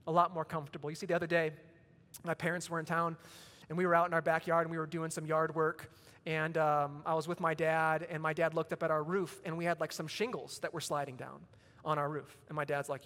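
A man in his thirties with a high voice delivers a sermon in a church sanctuary. He moves between relaxed, chatty storytelling and emphatic peaks. A long reverb trails his words. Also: quick pace. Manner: conversational storytelling preacher, rising to emphatic peaks. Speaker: pastor. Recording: long reverb of a large hall.

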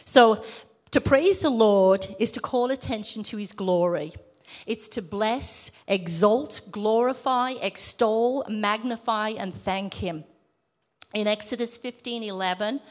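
A middle-aged woman preaching a sermon in a church room, lively and emphatic as she quotes scripture. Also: mid-range voice, a little slow. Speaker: lay preacher.

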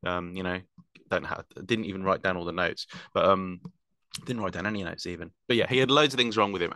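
A man's voice: low-pitched, sharp tone, dry recording. A man explaining wildlife at length in casual chat, rambling with fillers and self-corrections.

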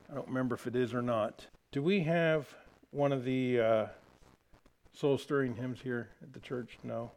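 Man preaching with soft low drops. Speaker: pastor. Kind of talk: sermon. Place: church.

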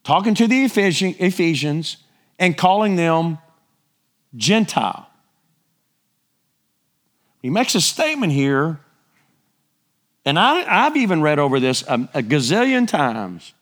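A middle-aged man preaching a sermon, animated, his voice climbing higher when he gets excited. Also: takes it slowly, pauses often.

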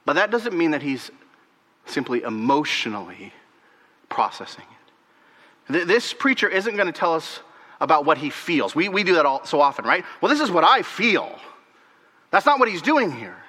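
A male pastor preaching a sermon, animated, repeating words and swinging from emphatic highs to hushed, near-whispered lows. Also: moderate pace, in a large hall.

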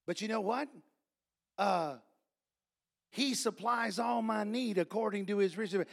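High, gravelly preacher man. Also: unhurried. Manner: builds to shouting, repeats phrases; folksy storytelling. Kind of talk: sermon.

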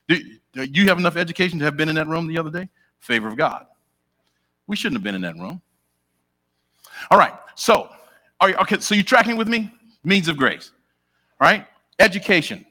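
A middle-aged man preaching a sermon in a church, chatting directly with his congregation and asking them questions. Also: a little high. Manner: animated, conversational, talks directly with the congregation.

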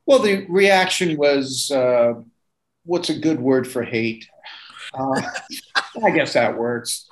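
A man's voice: medium pitch, slow, poor audio. An older man, a former magazine editor and magician, telling chatty anecdotes in a casual interview and laughing often.

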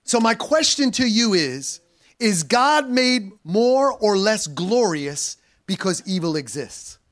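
A man preaching a sermon as pastor, animated and conversational, mixing scripture reading with playful slang asides. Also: high-pitched, slow.

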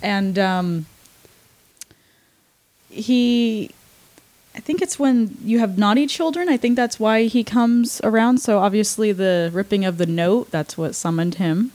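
A woman's voice: mid-range voice, measured pace, darkish tone. A young woman chatting casually as a podcast guest, hesitant with many fillers and frequent laughs. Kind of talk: casual chat.

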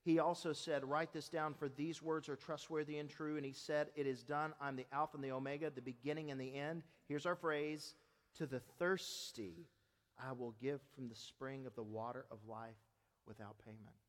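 A man with a high voice preaches a sermon, leaning hard into some lines and dropping to a near hush on others. His voice rings out with a long reverb. He speaks as a pastor to his congregation. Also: fairly even intonation, normal speed. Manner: swings between loud emphasis and soft, hushed delivery.

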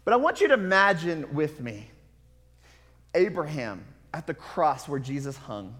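A man preaching a sermon in an earnest, confessional way, moving from hushed to loud. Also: a little high, very animated, moderate pace. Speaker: pastor. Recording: long hall reverb.

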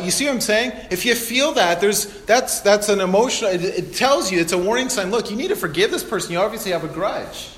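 Male pastor, high voice, chatty sermon delivery, echoey room. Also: quick pace, hardly any pauses, fairly bright tone. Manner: conversational, explaining with asides and rhetorical questions.

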